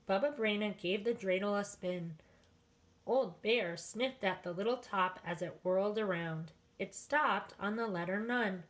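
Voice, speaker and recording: A woman in her forties, a teacher, reading a children's bedtime story aloud. She takes her time, laying each sentence down slowly and gently. Her voice sits at an ordinary middle pitch.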